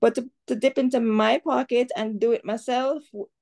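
A woman's voice: a little high, fairly even intonation, normal speed, a little mellow. A Jamaican woman talking bluntly and animatedly as an interview guest, swearing freely. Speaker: guest commentator. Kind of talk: outspoken interview talk.

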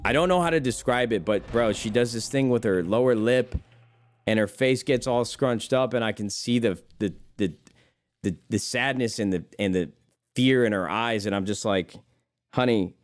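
A man's voice: medium pitch, moderate pace. A young man streaming live, chatting casually with viewers in a rambling way, swearing freely and calling them brother.

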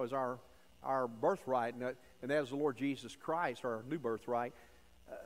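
A man preaching a sermon in a church, folksy and emphatic, dropping to low asides and rising to loud stressed phrases. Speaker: pastor. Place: church sanctuary. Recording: long church reverb.

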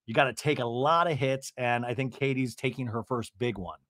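A man hosting a podcast, recapping a reality show in a chatty, animated way and swearing casually. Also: mid-range voice, brisk, dry recording, clean studio sound. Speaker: podcast host.

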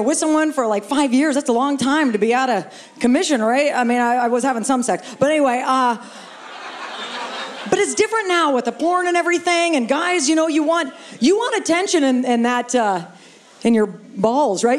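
A woman doing a stand-up comedy set in a live venue, brash and playful, swearing freely and bantering with the audience on a stage mic. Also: high voice. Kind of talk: stand-up set, crowd work.

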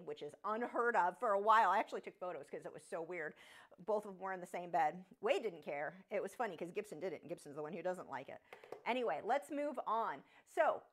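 A woman hosting a live painting tutorial from her home studio, talking in a casual, rambling way and interrupting herself often. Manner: chatty, rambling, self-interrupting; high sing-song voice when talking to her dogs. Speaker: painting instructor on a live stream.

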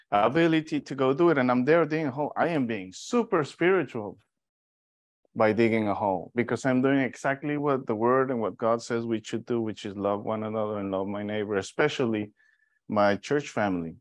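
Animated man teaching a Bible study. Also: mid-range voice, no room sound. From Mexico. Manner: animated storytelling with restarts.

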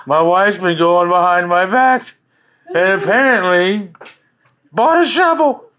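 A man's voice: high-pitched, lively intonation, slow, a bit bright, slight background noise. A man chatting casually on a live stream, rambling and joking, with frequent laughter. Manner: rambling and jokey, laughing often.

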